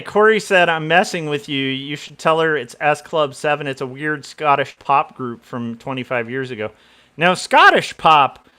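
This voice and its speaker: A man's voice: mid-range voice, pushed and bright, clean tone. A middle-aged man from Southern California chatting casually on a livestream, rambling with lots of fillers and laughing at himself. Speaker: comic artist streamer.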